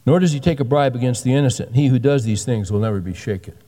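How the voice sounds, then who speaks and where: A man's voice: medium pitch, quick pace, dark tone, long reverb tail. A pastor in his sixties giving a sermon with folksy, joking asides. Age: 60s.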